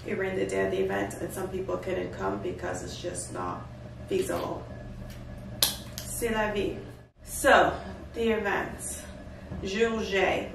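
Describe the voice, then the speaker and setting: A woman telling a story casually to camera, chatty and animated, with asides. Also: mid-range voice, gravelly. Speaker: vlogger and fashion designer. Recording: echoey room, distant mic, background noise.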